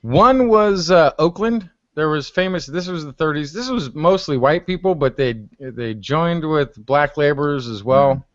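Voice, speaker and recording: A man's voice: a little high, expressive, measured pace, few pauses, a bit bright, no room sound, lo-fi sound. A man telling a story in a casual group video chat and acting out the exchanges he quotes. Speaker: hangout panelist. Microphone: computer mic on a video call.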